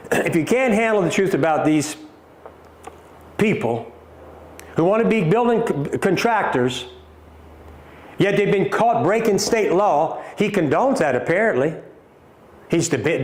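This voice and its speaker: Combative Southern American man in an echoey room. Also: a little high. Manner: combative, emphatic, repeats points, addresses viewers as folks. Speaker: company CEO hosting a livestream. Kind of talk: livestream talk answering viewer comments.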